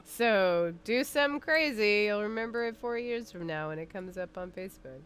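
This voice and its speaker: A woman's voice: mid-range voice, animated, moderate pace, fairly bright tone, slight background noise. A woman co-hosting a podcast, chatting casually and giggling while playing a game on a livestream. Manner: giggly, chatty, lots of fillers. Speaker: podcast co-host.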